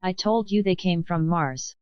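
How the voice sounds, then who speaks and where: A flustered male police chief barks out commands in a panic, read by a woman. The voice sits low and smooth. The recording is dry and slightly muffled. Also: unhurried, no echo, close to an everyday voice. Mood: alarmed. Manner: shouting orders, alarmed. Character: blustering male police chief, jumpy and bossy.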